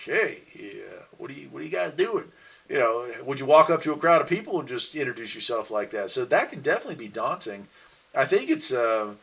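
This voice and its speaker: A man hosting a casual livestream, reading out viewer comments and answering them in a relaxed, rambling way with frequent laughs. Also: on the low side, slightly rough, recorded from a distance. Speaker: livestream host.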